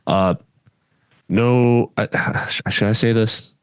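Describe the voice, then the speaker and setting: A man's voice: on the low side, slow, clean tone, dry recording. A man co-hosting a podcast, chatting casually and bluntly, often trailing off and restarting his sentences. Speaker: podcast co-host.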